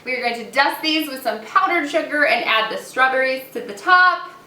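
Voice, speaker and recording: A woman's voice: high voice, animated, a little fast, sharp tone, a little hiss or hum. A woman hosting a casual cooking demonstration in a kitchen, upbeat, giggly and chatty. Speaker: cooking show host. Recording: echoey room, mic at a distance.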